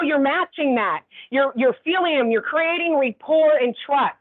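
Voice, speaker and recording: A woman's voice: sits high, normal speed. A woman instructor giving a conversational training lecture, often checking in with the class. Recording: tinny phone-like sound.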